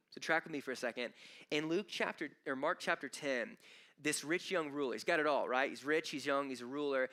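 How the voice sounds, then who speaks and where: A man preaching a sermon in a bright, forceful voice that sounds smooth and crisp. His pitch sits a little high for a man. He talks to the congregation conversationally, with emphatic repeated starts. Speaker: pastor. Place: church auditorium.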